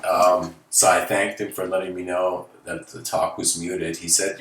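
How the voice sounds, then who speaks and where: A man's voice: low-pitched, expressive, a little slow, fairly bright tone, far from the mic, slight background noise. A man giving a casual, live-streamed spiritual talk, searching for words and laughing between thoughts. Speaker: spiritual speaker. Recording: roomy sound from away from the mic.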